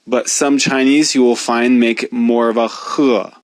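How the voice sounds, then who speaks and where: A man teaching a pronunciation lesson, speaking slowly and deliberately as he demonstrates each sound. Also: medium pitch, steady tone, dry recording. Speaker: language teacher.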